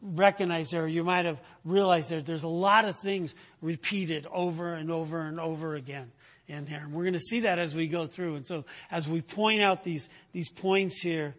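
A man preaching a sermon, teaching with rhetorical questions and frequent "right?" check-ins, and rising in pitch when he presses a point. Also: fairly even intonation, normal speed, fairly bright tone.

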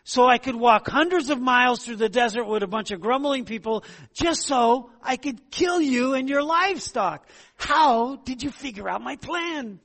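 A man's voice: extremely high pitch, lively intonation, moderate pace, a bit bright, long reverb tail, voice pushed up, exaggerated voice. A man voicing Moses as an exasperated, sarcastic leader complaining about his grumbling people. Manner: sarcastic, mock-aggrieved.

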